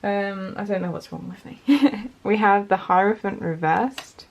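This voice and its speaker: A woman's voice: mid-range voice, a little slow. A woman giving a casual pick-a-card tarot reading, chatty and encouraging as she talks straight to her viewers. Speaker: tarot reader.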